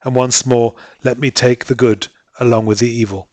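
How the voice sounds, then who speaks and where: A man's voice: mid-range voice, steady tone, moderate pace, a little mellow, dry recording, lightly acted. A man reading aloud and voicing a guilt-ridden young island husband who speaks in a subdued, sorrowful way.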